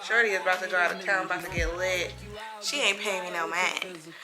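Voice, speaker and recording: A young woman vlogger telling a personal story in a casual, animated way, acting out what people said. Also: fairly low pitch, a little fast, music in the background, low-quality recording. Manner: animated, dramatic retelling that acts out quoted voices.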